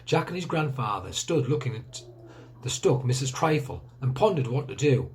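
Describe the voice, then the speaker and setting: A male teacher reading a children's book aloud with expressive storytelling. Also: medium pitch, moderate pace.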